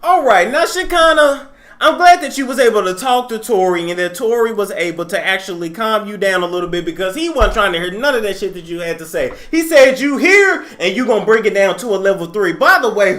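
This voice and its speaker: Lively, sarcastic male commentary host. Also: sits high. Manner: sarcastic and teasing. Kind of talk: mocking commentary on clips.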